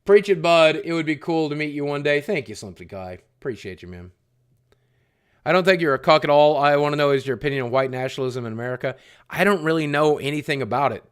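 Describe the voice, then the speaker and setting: His voice is a little high, expressive, and clean-toned, and he talks fast. He's a young livestreamer rambling and cursing through replies to chat, repeating phrases in a casual rant.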